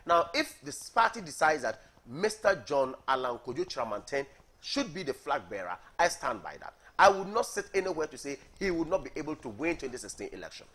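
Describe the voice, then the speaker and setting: On a morning TV show, a Ghanaian party coordinator makes his case in a heated political debate, fairly quick and very animated. His voice sits on the high side and is a bit bright. He stresses points by repeating words and keeps asking "are you getting me."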